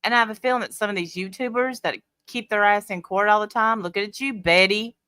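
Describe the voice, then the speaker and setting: A woman's voice: mid-range voice, quick pace, sharp tone, clean tone, no echo. A woman hosting a casual livestream, chatting bluntly and talking back to her viewers' comments. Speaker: livestream host. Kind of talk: casual live chat reading comments.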